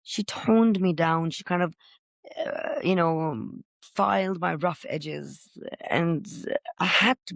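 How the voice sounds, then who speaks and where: Expressive woman with a gravelly edge. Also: on the low side, no room sound. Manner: expressive, says she is loud and gregarious. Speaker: podcast guest. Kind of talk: emotional personal storytelling.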